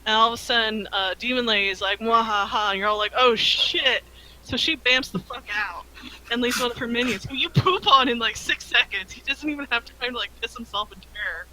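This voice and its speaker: A man's voice: very high voice, fast talker, sharp tone, poor audio. A young man running a tabletop game, recapping past sessions in a slangy, irreverent, swearing manner. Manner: slangy, irreverent, swears, jokey voices in passing. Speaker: game master.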